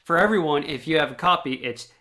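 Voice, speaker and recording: A man's voice: a little high, fast talker, pushed and bright. A man co-hosting a podcast in casual chat, chiming in with details and pointing out his favorite moments in a comic. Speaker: podcast co-host.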